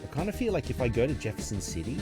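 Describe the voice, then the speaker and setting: A man's voice: mid-range voice, very animated, racing. A young man chatting casually on a live gaming stream, laughing often as he plays. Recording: game music playing behind.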